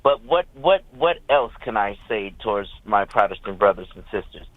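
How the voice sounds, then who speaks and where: A man's voice: on the low side, expressive, normal speed, dry recording. Earnest male caller on a tinny phone line. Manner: earnest, hesitant, many fillers. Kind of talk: phone-in question.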